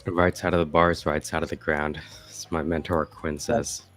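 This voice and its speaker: A man's voice: very deep voice, little pitch movement, normal speed, fairly bright tone, faint music behind. A man joining a live stream as a guest, greeting the hosts in an upbeat, joking way. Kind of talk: casual live-stream chat.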